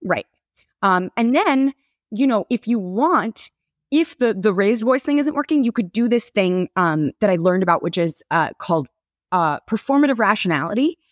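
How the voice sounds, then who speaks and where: A woman's voice: medium pitch, expressive, moderate pace, dry recording. A woman guest on a comedy podcast, giving mock-serious bad advice in a dry, sarcastic manner. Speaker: guest, public defender. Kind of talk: deadpan comedic podcast banter.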